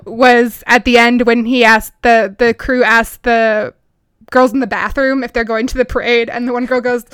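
A woman's voice: a little high, little pitch movement, moderate pace, fairly bright tone, clear, resonant tone, dry recording, studio quality. A woman guest on a podcast, talking casually and hesitantly with lots of "like" and laughs. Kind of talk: casual chat.

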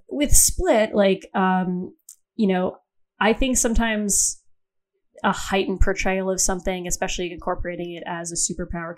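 A young woman talking casually on a podcast. She is candid and profane, and she often breaks off and restarts her sentences. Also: medium pitch. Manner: candid, profane, self-interrupting. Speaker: podcast co-host. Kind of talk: casual chat.

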